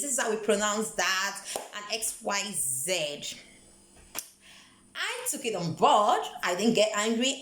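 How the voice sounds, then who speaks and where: A woman's voice: on the high side, a bit bright. A woman from Nigeria with a Nigerian accent, giving an earnest, emphatic motivational talk about work, often repeating words as she searches for the next one. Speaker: vlogger. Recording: echoey room.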